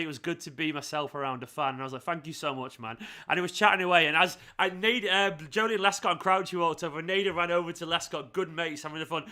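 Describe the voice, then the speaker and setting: Bright-voiced man, heartfelt. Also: fairly high pitch. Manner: heartfelt, rambling, repeats thanks. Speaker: fan channel host. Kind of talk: emotional to-camera vlog.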